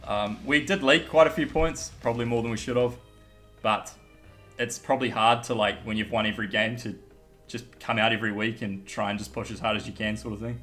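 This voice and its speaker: A man's voice: fairly low pitch, fairly even intonation, fairly quick, bright, forceful tone, faint music behind. Blunt young New man. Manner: blunt, swears, laughs often. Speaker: guest pundit. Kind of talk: casual rugby chat.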